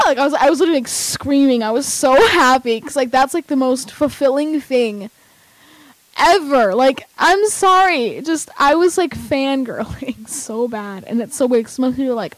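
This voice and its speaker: Young woman, excitable, rambling, higher voice, dry close sound. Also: brisk, no room sound, poor audio. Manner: excitable and rambling, full of fillers. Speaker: vlogger. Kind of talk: casual chat.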